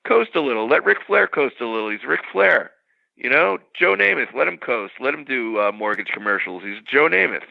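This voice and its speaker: A man co-hosting a podcast in casual chat, giving measured, opinionated commentary. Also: medium pitch, big pitch swings, gravelly, dry recording, phone-quality sound. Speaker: podcast co-host.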